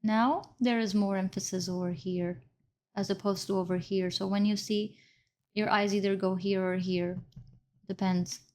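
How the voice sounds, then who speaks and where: In a screen-recorded editing lesson, a woman instructor explains each step as she goes, pausing to fix her own slips. Her middle-pitched voice is steady and darkish, moving at a moderate pace.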